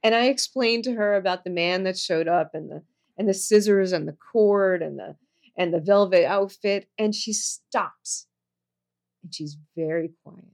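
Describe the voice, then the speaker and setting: A woman telling a personal story in conversation, earnest, going soft and low on serious moments and jumping high when she quotes people. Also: a little slow. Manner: animated, jumps high when quoting people.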